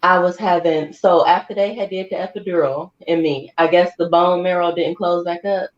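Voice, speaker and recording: A woman's voice: on the low side, steady tone, normal speed. A woman with a mid-range voice tells stories vividly in casual chat, acting out other people's voices. The sound is roomy and somewhat dull. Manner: vivid storyteller, acts out voices. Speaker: podcast co-host.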